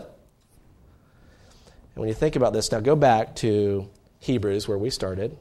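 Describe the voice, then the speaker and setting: A middle-aged man preaching a sermon as pastor, swinging from quiet, low asides to loud, animated emphasis. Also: takes it slowly.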